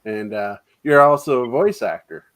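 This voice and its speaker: A man hosting a casual interview chat, relaxed and teasing, laughing easily at his guest's answers. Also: mid-range voice, moderate pace, noisy background. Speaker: host.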